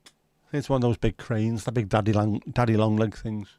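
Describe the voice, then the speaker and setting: A man's voice: on the low side, steady tone, a little fast, dark tone. A middle-aged man, hosting a casual home livestream, chatting and reading out viewer comments with a sweary, easygoing manner. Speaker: livestream host. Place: at home, window nearby.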